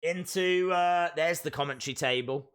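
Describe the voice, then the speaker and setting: A man with a high voice hosts a live watch-along stream. He reacts excitedly as things happen and calls out each move. His tone is bright and sharp. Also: moderate pace, smooth.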